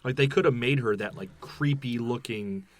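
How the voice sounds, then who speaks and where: Male co-host, mid-pitched voice, swears freely, rambles excitedly through a film review. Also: moderate pace. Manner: profane, excitable, loose and rambling. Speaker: podcast co-host. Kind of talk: casual movie review chat.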